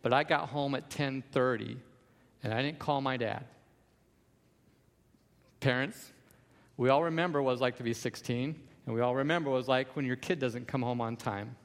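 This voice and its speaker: A man's voice: mid-range voice, moderate pace, pauses often, big-room sound. A man preaching a sermon as pastor, emphatic, with repeated refrains.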